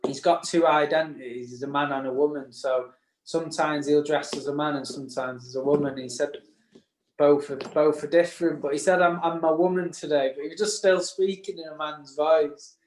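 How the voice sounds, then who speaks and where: A man's voice: on the high side, steady tone, moderate pace, a little hiss or hum. A man co-hosting a casual podcast chat, rambling through stories with frequent laughs and restarts. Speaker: podcast co-host. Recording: echoey room.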